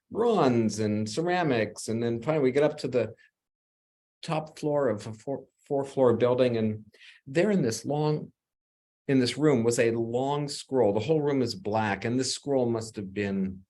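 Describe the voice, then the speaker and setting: A man on an online design panel who tells a personal story in a relaxed way, acting out the lines of the people in it. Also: mid-range voice, moderate pace. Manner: relaxed storyteller, acts out quoted dialogue. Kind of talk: anecdotal storytelling in a panel talk. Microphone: video call.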